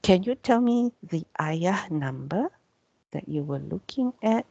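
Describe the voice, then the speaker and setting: A woman's voice: lowish voice, expressive, measured pace, vocal fry, warm tone, dry recording, muffled recording. A woman from Malaysia, teaching an online grammar class and patiently repeating points, checking in with "yeah?" between them. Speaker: Arabic teacher.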